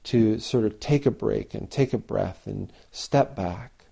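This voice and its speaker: A man's voice: on the low side, slow pace, gravelly, warm tone, slightly rough. A man giving a reflective dharma talk as a Zen teacher, repeating phrases and sometimes chanting lines aloud. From Canada.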